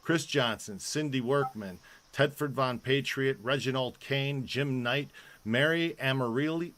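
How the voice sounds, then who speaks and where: A man's voice: mid-range voice, a little slow, a bit bright. A man hosting a live online show, chatting casually and rambling with many fillers and restarts. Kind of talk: casual live-stream chat.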